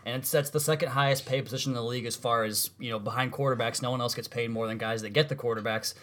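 Male podcast host, rapid casual delivery, chatty sports talk. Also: mid-range voice, steady tone, fairly bright tone. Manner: fast, conversational, self-correcting.

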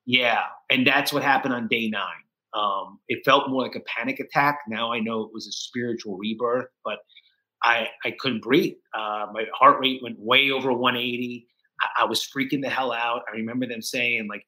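A middle-aged man guesting on a podcast, with a bright, forceful voice. He tells his story with emotional restarts and often mimics the people he quotes. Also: medium pitch, moderate pace, rough recording. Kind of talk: candid interview storytelling.

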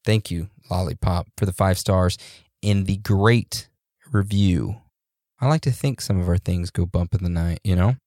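A man co-hosting a podcast in a relaxed, joking way, reading out listener reviews with loose fillers and laughs. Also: sits low, normal speed, no echo, studio quality. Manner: laid-back, laughs and jokes, loose fillers. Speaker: podcast co-host.

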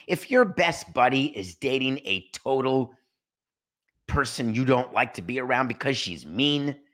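A man hosting a solo sports podcast, talking in a sarcastic, animated way and acting out little scenes. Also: medium pitch, measured pace. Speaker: podcast host.

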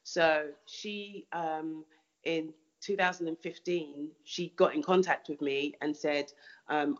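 A woman's voice: low voice, fairly even intonation, slow, dull audio. A woman artist answering interview questions thoughtfully, often restarting and repeating words.

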